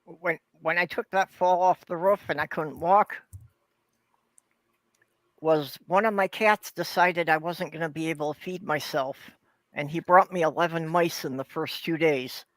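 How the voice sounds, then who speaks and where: A man joins a casual chat with blunt remarks and some swearing. His voice sits a little higher than usual. The recording is dry and close. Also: fairly even intonation, unhurried, fairly bright tone, no echo. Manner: blunt, profane asides.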